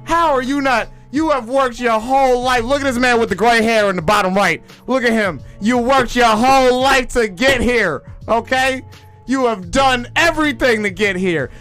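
A young man rants on a comedy podcast in a high, excitable voice that keeps rising into shouts. His talk is loose and casual and leans on filler phrases. Faint music plays underneath. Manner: excitable, ranting, peppered with "you know what I'm saying". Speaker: podcast host. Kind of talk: comic ranting podcast chat.

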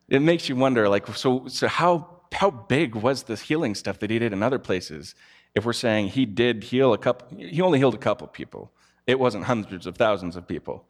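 A man giving a conversational sermon, telling personal stories candidly. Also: mid-range voice. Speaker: preacher.

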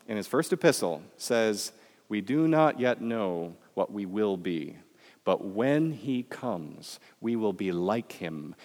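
A man delivers a chapel sermon with a lively, rising and falling voice that swings from emphatic to hushed. His words ring out with the long reverb of a chapel hall. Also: on the low side. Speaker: preacher.

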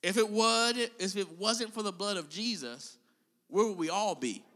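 A man's voice: high-pitched, moderate pace, fairly bright tone, big-room sound. A male preacher giving an impassioned sermon and calling out to his congregation. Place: church.

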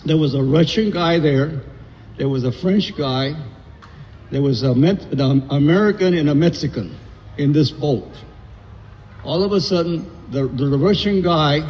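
A man's voice: on the high side, a little hiss or hum. Rambling older man sharing in a hall. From Southern California. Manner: rambling, many fillers and restarts. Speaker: AA meeting speaker. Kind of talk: recovery share, storytelling. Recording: echoey hall, dull lo-fi sound.

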